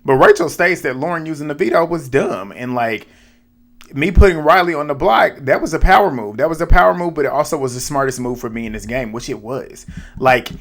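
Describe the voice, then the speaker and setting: A young man giving a casual, animated recap of a reality show, speaking bluntly and with lots of slang, directly to his viewers. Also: mid-range voice. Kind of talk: casual episode recap and commentary.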